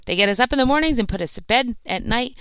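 A woman's voice: on the high side, lively intonation, fast talker, fairly bright tone, smooth, no room sound, pitched above the performer's own voice, poor audio. A woman voicing a grumbling artillery soldier in a storybook.

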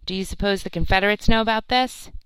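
A woman's voice: mid-range voice, fast, a bit bright, clear, resonant tone, no room sound, close to an everyday voice, poor audio. A woman voicing a small, pinch-faced soldier who mocks and scoffs, in a storybook. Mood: teasing. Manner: mocking, scoffing.

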